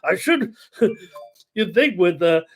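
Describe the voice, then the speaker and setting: A man's voice: sits high, expressive, slow. A man hosting a live sports betting stream, talking casually with frequent fillers and reading viewer chat aloud. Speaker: sports betting show host.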